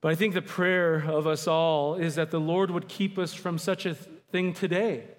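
A man preaching a sermon, emphatic, slowing down to stress key words. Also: a little high, flat delivery. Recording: long hall reverb.

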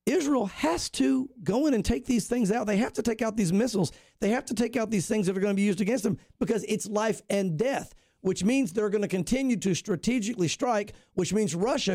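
A man's voice: high voice, a little mellow, dry recording, clean studio sound. A man, a pastor, talking animatedly and emphatically on a radio show, rambling with restarts. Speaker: pastor, guest commentator. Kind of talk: casual radio talk on prophecy.

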